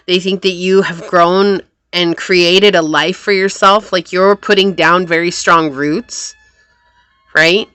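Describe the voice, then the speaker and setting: Bright-voiced woman reading tarot cards. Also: lowish voice, steady tone, slow pace, smooth, faint music behind. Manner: earnest, thinking aloud while pulling cards. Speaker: tarot reader. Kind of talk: pick-a-card tarot reading.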